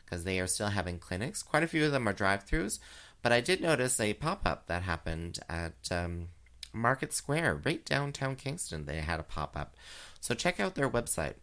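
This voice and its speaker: A man doing drag, hosting a chat show, talking casually with many fillers and giggles, and jumping into high sing-song voices. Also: very animated, moderate pace, a bit bright. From Canada. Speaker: drag queen radio show host. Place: home, recorded live.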